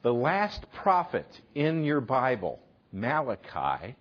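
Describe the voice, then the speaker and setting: A man preaching a sermon, retelling the story with animated, emphatic bursts. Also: mid-range voice, slow pace, lo-fi sound. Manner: animated, emphatic retelling with sudden loud punches.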